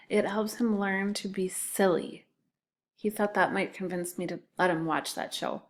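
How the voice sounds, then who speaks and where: Unhurried woman teacher, patient, breaks words into syllables for young spellers. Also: mid-range voice. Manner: slow, patient, sounding out syllables. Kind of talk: spelling lesson for children.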